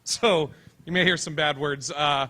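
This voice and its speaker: A man's voice: a little high, steady tone, measured pace, bright, forceful tone. A man hosting a comedy show on stage, making easygoing announcements full of fillers before introducing the first comic. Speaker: show host and emcee.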